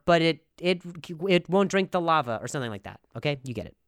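A man hosting a comedy podcast, delivering an animated, mock-serious monologue full of stammers and restarts. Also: a little high, fast, few pauses, clean tone, dry recording, clean studio sound. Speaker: podcast host.

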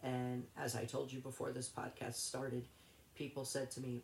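Interview guest: woman, gravelly low voice, rambling and halting, echoey room. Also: flat delivery, a little mellow, a little hiss or hum. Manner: rambling, halting, with many restarts. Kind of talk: personal storytelling in an interview.

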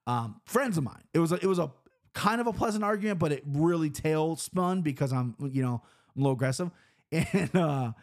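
A brash young man rants through a casual podcast monologue, his voice sitting a little high for a man. He is profane and worked up, jumping between loud outbursts and low, muttered asides. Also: animated, brisk. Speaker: podcast host.

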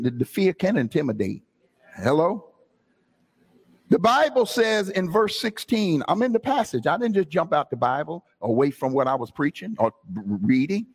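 A man preaching a sermon as pastor to his congregation, calling out to them and climbing from talk into shouted, half-sung lines. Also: a little high, husky. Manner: call-and-response, rising to shouts and sung phrases. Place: church sanctuary.

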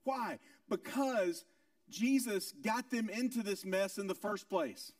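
High-voiced man preaching a sermon, emphatic. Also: slow pace, no echo, clean studio sound, distant mic. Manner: emphatic preaching with rhetorical questions and repetition; swings between loud high lines and quiet low ones. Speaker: pastor.

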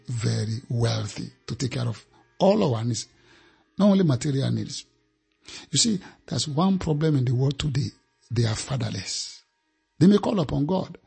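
Male preacher, emphatic and repetitive delivery, raspy tone, mid pitch. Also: darkish tone. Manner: emphatic, repeats phrases for effect. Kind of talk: sermon.

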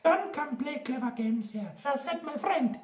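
A man's voice: very high-pitched, animated, normal speed, voice pushed up. A man voicing a brash South African woman who rants indignantly about her train ride, in a comedy clip. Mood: indignant ranting. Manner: loud, indignant ranting storyteller. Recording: roomy echoey clip.

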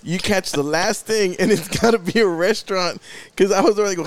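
A man's voice: high voice, a little fast. A male comedian co-hosting a podcast in casual chat, laughing often.

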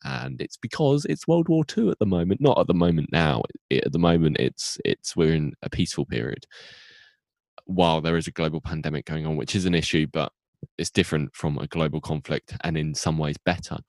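A man's voice: a bass voice, fairly quick, creaky, darkish tone, no echo. A young man recapping a TV episode in a rambling, self-interrupting comic way on a podcast. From United Kingdom. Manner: rambling, self-interrupting, acts out characters in goofy voices.

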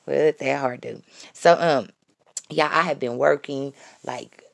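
A woman giving a casual devotional talk to her viewers, excited and repeating her phrases as she calls out to them. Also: a bass voice, slow pace, vocal fry, dry recording. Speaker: Christian vlogger giving testimony.

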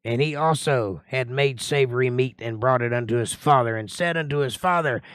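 A man's voice: normal speed, fairly bright tone, no room sound. A man teaching a livestream Bible study, reading scripture aloud and breaking in with casual, joking commentary. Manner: voices the figures in the reading with rising pitch and a whiny tone.

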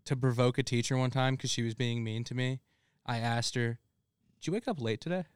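Guy on a podcast telling a school story, laughing a lot, smooth clean voice, dry close mic. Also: mid-range voice, brisk, dry recording. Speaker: podcast co-host. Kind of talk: casual storytelling chat.

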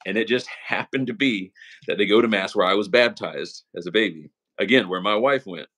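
A man's voice: fairly low pitch, fairly quick, a bit bright. A young man telling his story as an interview guest, casual and earnest, with emotion showing, often tossing in "man" and "right?". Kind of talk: casual conversational testimony.

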